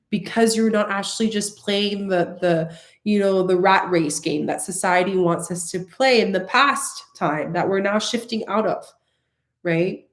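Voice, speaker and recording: A spiritual coach with a medium-pitched voice speaks earnestly and directly to her viewers in a casual spiritual talk. She often repeats herself for emphasis, and the sound is roomy.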